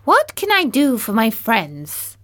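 A woman voicing a small, kindly queen mouse in a storybook reading, calm and helpful. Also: a little high, slow pace, full character voice.

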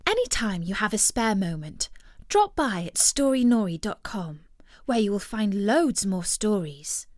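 A woman storyteller and host narrating a fairy tale in a gentle, expressive way on a close studio mic. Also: medium pitch, measured pace, dry recording.

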